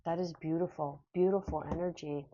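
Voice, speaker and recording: A woman giving a spiritual tarot reading in a soft, slow, emotional and affirming way. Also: sits low, fairly even intonation, noisy background. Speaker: tarot reader. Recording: dull, lo-fi sound.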